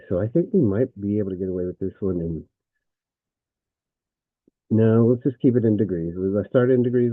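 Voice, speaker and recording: A lower-voiced man works through a math lesson, talking his way through each step and catching his own slips. His voice sounds thin and phone-like, with no room echo at all. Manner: thinks aloud, self-correcting, frequent fillers. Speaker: math teacher.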